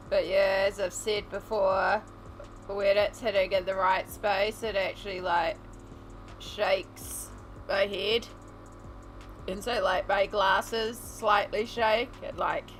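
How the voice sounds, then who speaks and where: A woman's voice: medium pitch, fairly even intonation, slow pace, soft background music, rough recording. A woman streamer chatting casually to her viewers while colouring, giggling often. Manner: chatty, giggly, talks to chat.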